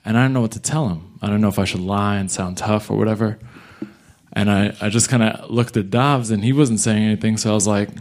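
A young man from New York City telling a comic story live, animated and jumping into voices of the people in it. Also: lowish voice, fairly quick. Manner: animated, acts out other people's lines.

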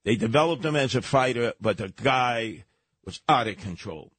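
A man's voice: medium pitch, expressive, moderate pace, a bit bright, slightly rough, no echo. A man hosting a radio talk show, telling stories and giving blunt, emphatic advice at a studio microphone.

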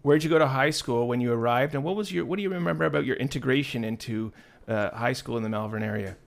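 A man's voice: medium pitch, fast talker, gravelly. A man interviewing a guest, asking questions and giving short, encouraging reactions. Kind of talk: conversational interview.

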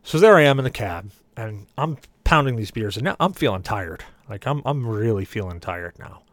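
A podcast panelist with a fairly low voice tells a long, funny story at normal speed, animatedly acting out the voices of its characters. The recording is dry.

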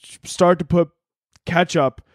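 A man from the Chicago area talks through a solo podcast in a loose, rambling monologue. He swears freely and fills his sentences with "like" and "you know." His voice sits fairly high and sounds dry and close to the mic. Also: fairly even intonation, measured pace, dry recording. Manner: profane, rambling, filler-heavy. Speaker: podcast host.

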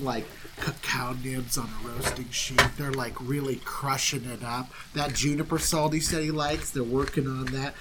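A man hosting a podcast, retelling a story as a joke-filled casual chat, animated and full of fillers. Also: medium pitch, noisy background.

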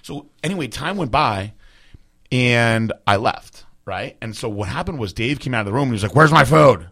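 A man's voice: mid-range voice, lively intonation, normal speed, fairly bright tone. A man telling a long story in casual chat, rambling and profane, laughing at himself. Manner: rambling, profane, self-deprecating.

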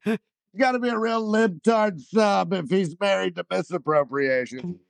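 A man's voice: high voice, moderate pace, gravelly, dry recording. A man co-hosting a podcast, cracking sarcastic, crude jokes in casual chat. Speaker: podcast co-host.

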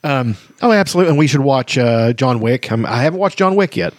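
A man's voice: medium pitch, lively intonation, quick pace, dry recording, clean studio sound. A middle-aged man co-hosting a podcast, chatting casually and enthusiastically with lots of swearing. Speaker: podcast co-host. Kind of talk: casual chat.

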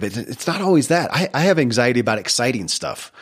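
Podcast host guy, earnest, stumbles and repeats words getting going, middle pitch. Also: animated, a little fast, hardly any pauses. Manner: earnest, repeats words when starting sentences. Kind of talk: casual interview chat.

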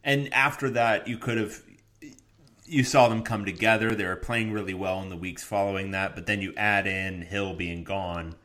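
Low-voiced man, casual sports talk. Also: moderate pace. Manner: relaxed, many ums, dry humor. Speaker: sports podcast co-host.

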